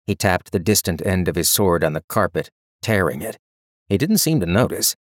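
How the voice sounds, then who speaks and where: A man reads a fantasy story aloud in a steady, measured way. His voice sits on the low side. The recording is close and dry. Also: no echo. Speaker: narrator. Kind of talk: scripted narration.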